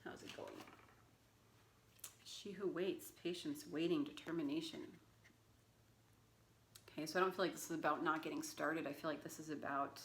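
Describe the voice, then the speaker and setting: A woman's voice: low-pitched, steady tone, moderate pace, pauses often, a bit bright. A woman giving a casual tarot reading, chatty and rambling, with plenty of fillers and asides. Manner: talks baby talk to her cat. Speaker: tarot reader.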